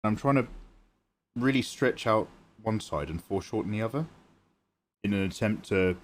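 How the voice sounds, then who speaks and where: With a lowish voice and lively intonation at normal speed, a British art livestreamer keeps up casual, jokey chat as he draws. He's playful and thanks viewers individually by name.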